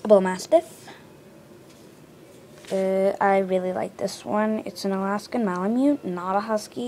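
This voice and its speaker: A woman showing her drawings in a casual show-and-tell, hesitant, with lots of ums and quick self-corrections. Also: mid-range voice, steady tone, warm tone, slight background noise.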